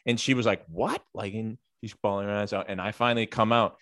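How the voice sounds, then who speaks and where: A teacher tells a casual, rambling story packed with fillers and the occasional swear word. His voice is on the low side and level, fairly bright in tone, and he talks fast; the studio-quality audio has no echo.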